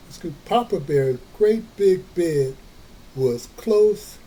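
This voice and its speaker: A man reading a children's story aloud, slow and folksy, with playful chatty asides. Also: sits high, warm tone, slight background noise, rough recording. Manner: slow, folksy, adds playful comments to listeners.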